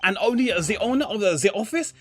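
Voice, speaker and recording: A man's voice: high voice, expressive, quick pace, fairly bright tone, pitched above the performer's own voice. A man voicing an indignant adult male prosecutor in a game, speaking in a stiff, emphatic way. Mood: accusing.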